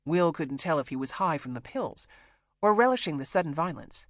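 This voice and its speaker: An audiobook narrator telling a crime thriller in a steady, tense manner. The voice sits mid-pitch and the read is completely dry and close. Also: a little fast, dry recording. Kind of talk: scripted narration.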